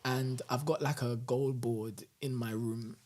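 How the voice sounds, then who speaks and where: A man, a guest on a casual podcast interview, telling animated stories and laughing often. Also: mid-range voice, measured pace. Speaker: guest musician and bus driver.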